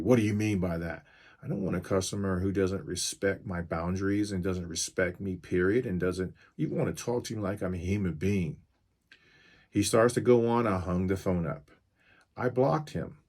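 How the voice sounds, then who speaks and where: In a fairly low, darkish male voice, a mobile mechanic in his fifties talks to camera about a phone call from a pushy customer. His telling is firm, blunt and gets right to the point.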